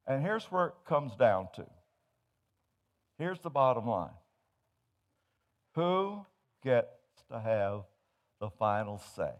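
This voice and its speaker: Guy preaching in a church, medium voice, jokey stories, goes quiet then loud. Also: mid-range voice, very animated, slow pace, long pauses, dull audio. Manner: swings from hushed to loud in storytelling. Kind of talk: sermon with humorous stories.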